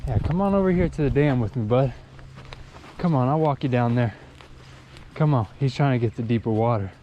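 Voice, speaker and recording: In fairly quick, breathless outdoor commentary, a Texas fishing vlogger exclaims over a big bass by a lake dam, talking to the fish as he trembles with excitement. Faint noise sits under the dull, lo-fi audio.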